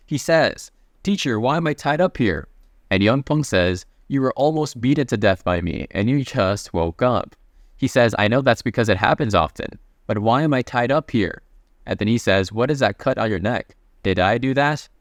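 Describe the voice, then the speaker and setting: A man's voice: medium pitch, no room sound, clean studio sound. A man narrating a comic recap in a casual, chatty way, reading the characters' lines in his own voice. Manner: reads character quotes in his plain voice, chatty asides.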